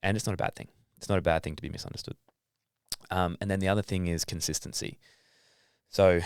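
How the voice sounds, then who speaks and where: A man's voice: low-pitched, clean tone, no echo, clean studio sound. An Australian man, a young adult athlete, talking casually as a podcast guest, swearing now and then and acting out his own thoughts. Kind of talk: casual interview talk.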